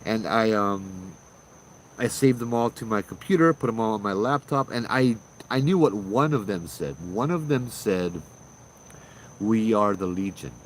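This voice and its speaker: A man's voice: on the low side, expressive, moderate pace, a little hiss or hum, low-quality recording. A man telling a ghost story in a rambling, casual way on a livestream. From Hawaii. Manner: rambling, with many restarts.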